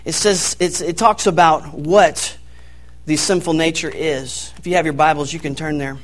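A young man preaching a sermon, telling a family story in an animated way and laughing as he goes. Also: on the high side, normal speed. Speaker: pastor.

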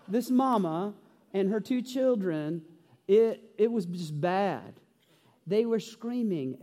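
A man's voice: high voice, mellow. A male pastor preaching a sermon, telling a story with humor and earnest conviction in a church. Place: church sanctuary. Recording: reverberant church hall.

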